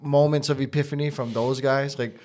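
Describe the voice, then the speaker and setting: A male podcast host with a mid-range voice, talking casually with his guest. He asks loose, conversational questions. He keeps the exchange going with quick "yeah"s. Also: mid-range voice, steady tone, a little mellow. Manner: frequent short affirmations, conversational questions. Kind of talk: casual interview.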